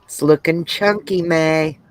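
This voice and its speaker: Woman from Georgia, craft-stream co-host reading the chat: unhurried, laid-back delivery. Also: low voice, dry recording, low-quality recording. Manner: relaxed, reads out comments. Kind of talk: reading viewer comments aloud.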